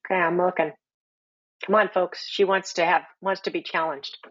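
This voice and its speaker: A woman's voice: fairly low pitch, normal speed. A woman co-hosting a webinar, teasing and cheering on the audience. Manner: playful, teasing, lively. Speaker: webinar co-host. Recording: dull lo-fi online audio from off the mic.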